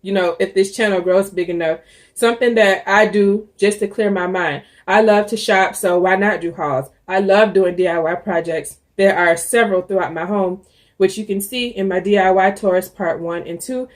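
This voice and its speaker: A woman's voice: medium pitch, normal speed. A young adult woman vlogging, talking casually and candidly to the camera, with frequent ums and restarts. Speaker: YouTuber.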